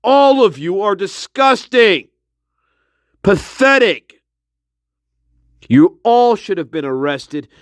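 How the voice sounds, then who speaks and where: A man's voice: high voice, big pitch swings, slow, long pauses, no room sound, studio quality. Man ranting with profane scorn. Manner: profane, mocking, with scornful laughs. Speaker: commentator. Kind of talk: angry ranting monologue.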